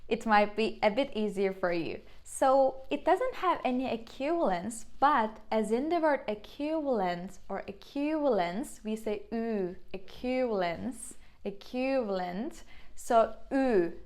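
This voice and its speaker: A young woman with a Turkish accent teaches beginners, speaking slowly and patiently. Her voice sits a little high, and she repeats each sound carefully as she demonstrates it. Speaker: language teacher. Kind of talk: beginner language lesson.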